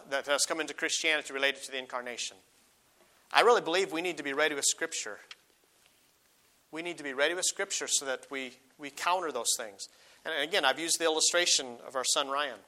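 A middle-aged man preaching a sermon as a pastor, earnest, slowing down and rising when he reads scripture aloud. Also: fairly high pitch, sharp tone. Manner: earnest, slows and rises on quoted verses.

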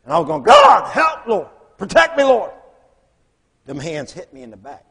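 A man preaching, telling lively stories and acting out the voices of the people in them. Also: fairly high pitch, breathy edge. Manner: animated storyteller, acts out voices in quotes. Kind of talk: storytelling sermon. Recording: long hall reverb.

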